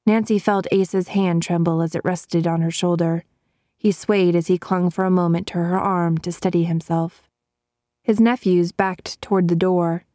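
A woman narrating a story aloud in a measured, clear style. Her voice sits on the low side and is recorded close and dry, with no room sound. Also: steady tone, warm tone, no room sound. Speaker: audiobook narrator. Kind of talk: scripted narration.

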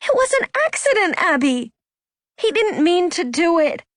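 A woman's voice: on the high side, animated, unhurried, no room sound, clean studio sound, voice pushed up. A woman voicing a proud, stubborn teenage girl who protests in a raised, tearful way. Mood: angry.

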